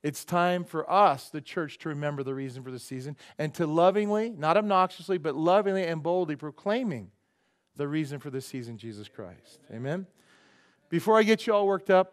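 A man's voice: on the high side, lively intonation, normal speed. A male pastor giving a chatty sermon at a church service, asking the crowd questions, then praying. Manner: chatty, asks the crowd "how many know", preaches then prays softly.

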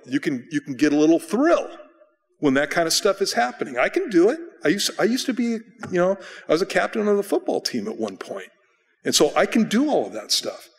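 A man's voice: a little high, long reverb tail. A male pastor teaching a Bible study in a loose, self-deprecating way, often restarting his sentences. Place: church sanctuary.

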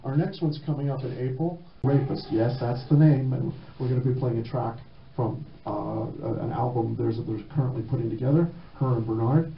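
Brief: male radio host, mid pitch, relaxed and chatty, muffled roomy sound. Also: fairly quick, a little hiss or hum. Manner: casual, loose, with fillers. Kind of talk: community radio interview.

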